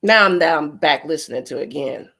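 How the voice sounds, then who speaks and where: A woman's voice: sits low, animated, brisk, pushed and bright. A woman hosting a livestream, ranting bluntly and profanely in a rambling way. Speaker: host. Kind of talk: heated livestream commentary.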